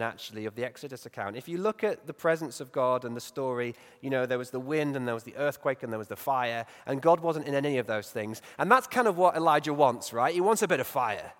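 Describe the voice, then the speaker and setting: A man preaching a morning sermon in a church, reflective and conversational. He turns lively and playful when he retells the scriptures. His mid-pitched voice echoes with the long reverb of a large hall.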